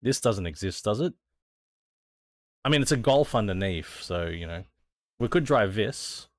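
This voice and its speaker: A man's voice: lowish voice, expressive, a little slow, dry recording. Aussie guy streaming a racing game, chill and sweary, dry close mic. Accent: Australian. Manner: laid-back, thinks aloud, swears freely. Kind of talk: casual gameplay chat.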